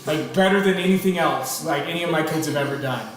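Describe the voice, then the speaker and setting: A man's voice: a little high, fast talker. A man in his thirties teaching a chemistry class, chatty with dry sarcastic humor and asides to his students. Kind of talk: classroom lecture. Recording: very echoey classroom, faint room noise.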